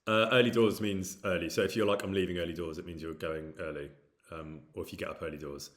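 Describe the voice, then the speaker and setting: A man with a low voice talks casually on a live stream. He reads out questions from chat and answers at length, wandering through his replies with plenty of hesitant fillers. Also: fairly even intonation, quick pace.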